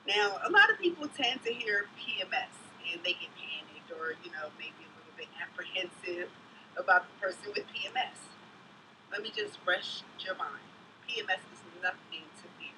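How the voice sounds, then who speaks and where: A woman's voice: fairly low pitch, lively intonation, moderate pace, far from the mic, noisy background. A mother vlogging in casual chat, gossiping bluntly and telling stories in an outspoken way.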